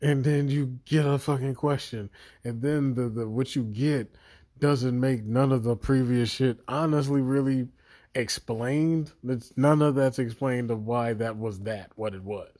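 A man's voice: medium pitch, fairly even intonation, measured pace, darkish tone. A man giving an exasperated, profanity-laden video review of a series he thinks let him down. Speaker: show reviewer.

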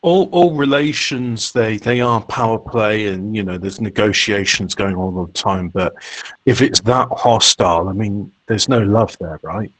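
A man's voice: on the low side, measured pace, fairly bright tone. Chatty man. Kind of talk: casual group chat.

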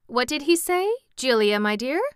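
A woman's voice: high voice, expressive, normal speed, clear, resonant tone, no room sound, clean studio sound, voice pushed up. A woman voicing a pompous, severe male scarecrow king who speaks in a lofty, reproving way, in a storybook reading.

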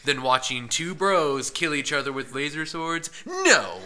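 A man's voice: a little high, big pitch swings, a little slow, sharp tone. A young man chatting with his siblings on a podcast, teasing and mock-serious. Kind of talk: casual chat.

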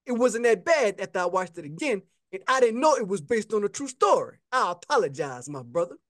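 A man's voice: high-pitched, sing-song, a little fast, a bit bright, no echo, clean studio sound. A man co-hosting a podcast, casually telling a story and acting out the back-and-forth he quotes. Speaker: podcast co-host.

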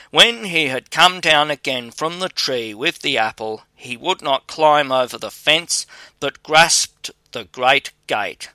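A man reading a fairy tale aloud as narrator, with a measured, even storytelling delivery. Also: medium pitch, clean tone, dry recording.

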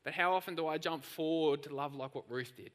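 Bright-voiced preacher in a church hall. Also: male voice, on the high side, fairly quick. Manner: animated storytelling preacher. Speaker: pastor. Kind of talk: sermon.

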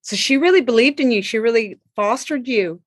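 A woman's voice: a little high, expressive, a little fast, slightly rough, no echo, studio quality. A woman hosting an interview, reacting with short encouraging comments and asking questions. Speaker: podcast host. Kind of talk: casual interview.

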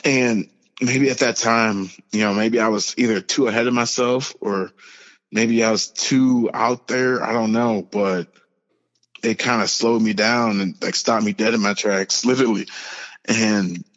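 Podcast guest, young man, low voice, earnest halting storyteller, lo-fi recording with long reverb. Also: steady tone, fairly bright tone. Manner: earnest, halting, many fillers and restarts. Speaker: podcast guest, pro football player. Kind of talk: personal storytelling in interview.

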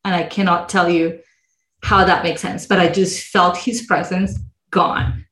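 A woman's voice: on the low side, flat delivery, measured pace, fairly bright tone. A woman being interviewed as a guest who shares a personal story. She speaks expressively and acts out other people's voices when she quotes them. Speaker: guest, mindset coach. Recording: roomy echo.

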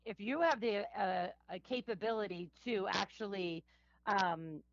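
A woman's voice: mid-range voice, a little slow, no echo. Earnest woman on dry, dull audio. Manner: earnest and explanatory, with thinking fillers. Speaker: guest, HR professional. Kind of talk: interview answers.

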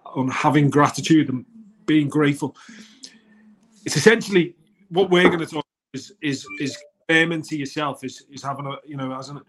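Man, British accent, earnest, rambling, restarts often, somewhat high pitch. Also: fairly bright tone. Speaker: co-host of a morning wellness show. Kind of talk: casual morning show chat.

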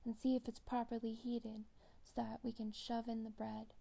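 Cast: a jeering old witch, loud and bossy, low gravelly edge, a woman doing it. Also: little pitch movement, normal speed. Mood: impatient bossy. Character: wicked old witch woman, greedy and cruel.

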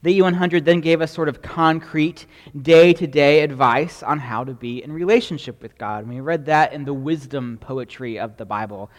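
A man's voice: a little high, moderate pace, hardly any pauses. Man, pastor, sermon, conversational preaching, long echoing hall reverb. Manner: conversational preaching with frequent "right?" asides.

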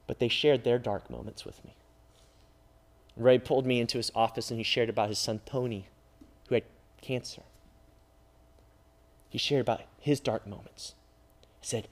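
An adult man who is a father preaches an emotional sermon as a youth pastor in a medium-pitched voice. He swings between loud cries and hushed, near-whispered lines.

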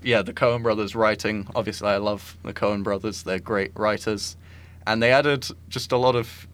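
A man's voice: lowish voice, steady tone, moderate pace, a bit bright, clear, resonant tone. Rambling man chatting about films. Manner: rambling, many "like" and "I think" fillers. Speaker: podcast co-host. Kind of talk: casual film discussion.

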